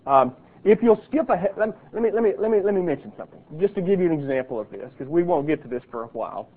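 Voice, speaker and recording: Middle-aged guy teaching a bible class, earnest, slightly high voice, sounds tinny like over a phone. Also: expressive. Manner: earnest, reads lists slowly and deliberately. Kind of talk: classroom lecture.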